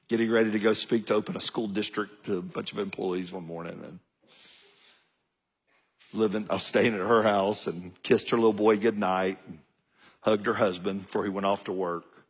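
A middle-aged man, telling a folksy story in a sermon and acting out the dialogue with big jumps in pitch. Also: steady tone, normal speed, slightly rough. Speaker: guest speaker.

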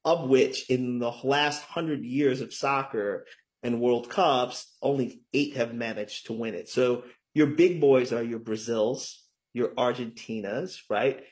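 A man's voice: mid-range voice, takes it slowly. Chatty middle-aged man, full of "right?". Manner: chatty, lots of "right?" tags, emphatic. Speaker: guest, author. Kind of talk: casual interview talk.

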